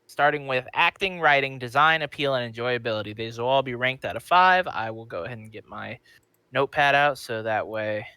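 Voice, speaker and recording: A man's voice: medium pitch, brisk, sharp tone, clean tone, no echo. A man co-hosting a casual comedy podcast, riffing on a movie with plenty of swearing and laughter. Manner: profane, riffing, laughs along. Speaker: podcast co-host.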